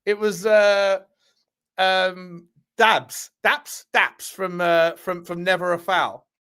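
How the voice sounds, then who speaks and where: A man's voice: sits high, steady tone, slow, a bit bright, smooth. Chatty man hosting a live chat. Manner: chatty, rambling, laughs often, banter with viewers. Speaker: livestream host reading chat.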